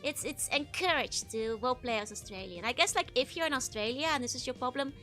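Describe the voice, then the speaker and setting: Bright high-voiced woman streamer chatting. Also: brisk, soft background music. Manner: chatty, answers viewer messages. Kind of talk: casual live-stream chat.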